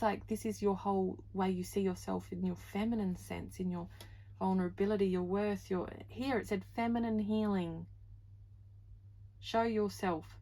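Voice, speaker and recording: Gravelly-voiced woman doing a heartfelt tarot reading. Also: medium pitch, dark tone, low-quality recording. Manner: gushing, heartfelt, uses "like" and "you know" a lot. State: moved, near tears. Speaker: tarot reader. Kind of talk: pick-a-card tarot reading.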